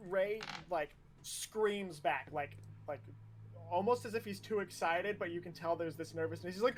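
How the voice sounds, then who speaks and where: Male game master, slow unhurried narration, casual and stop-start. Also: a little high, very noisy.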